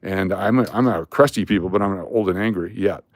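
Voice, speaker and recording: A man's voice: low-pitched, brisk, dry recording. Man telling a story in a dry room. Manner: animated, acts out other people's lines when retelling. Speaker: live stream host. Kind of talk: casual storytelling.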